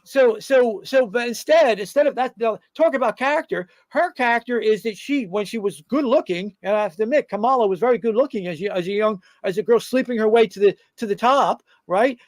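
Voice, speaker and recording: High-voiced combative talk host, dry mic. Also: male voice, a little fast, few pauses, no room sound. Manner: rambling, combative, many fillers and restarts. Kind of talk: political talk commentary.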